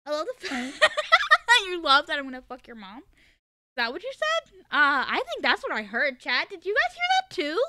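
A woman streamer chatting casually with her viewers, loud and excitable, often breaking into laughter. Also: high-pitched, dry recording, clean studio sound. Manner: giggly, bursts into frequent laughter.

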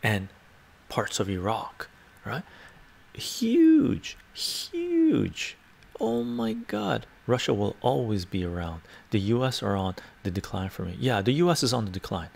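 A man in his fifties giving a soft-spoken ASMR talk as a streamer, musing aloud and reading chat messages in a slow, whispery way. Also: lowish voice. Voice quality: gravelly and husky.

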